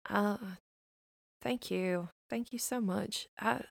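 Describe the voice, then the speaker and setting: A woman playing a tabletop game who tells an improvised campfire story, halting and laughing at her own jokes. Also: medium pitch, creaky, no echo. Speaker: player.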